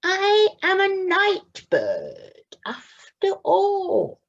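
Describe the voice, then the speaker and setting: A timid little boy owl squeaks along in a high, childlike voice, put on by a woman reading aloud. He sounds small and curious, his tone swinging widely up and down. The storybook recording is dull and lo-fi. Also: wildly swooping pitch, extremely slow, exaggerated voice. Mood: wondering.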